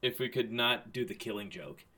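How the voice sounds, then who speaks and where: A man's voice: medium pitch, moderate pace, sharp tone. A man co-hosting a casual movie podcast, rambling and correcting himself, swearing freely. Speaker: podcast co-host.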